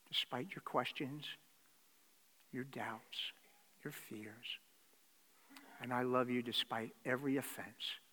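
A man preaching a sermon, swinging between loud exclamations and hushed near-whispers. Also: medium pitch, moderate pace, pauses often. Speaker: pastor. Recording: reverberant hall.

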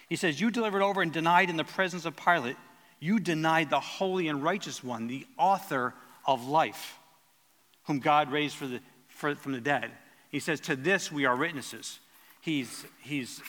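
A man's voice: fairly high pitch, sharp tone, big-room sound. A man preaching a sermon in an earnest teaching tone, stumbling and restarting as he explains the verses.

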